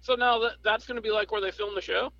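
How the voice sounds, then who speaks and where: Easygoing co-host, man with a somewhat high voice, dull remote-line sound. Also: fairly even intonation, fast talker, gravelly, bright, forceful tone, no echo. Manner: easygoing, joking. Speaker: podcast co-host. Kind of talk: casual chat.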